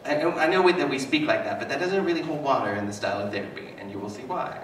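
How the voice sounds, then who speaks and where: A man giving a live talk as a psychotherapist, telling stories with animated, self-mocking humor to an audience. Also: medium pitch, quick pace, few pauses. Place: hall with an audience. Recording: echoey hall, mic at a distance, noisy.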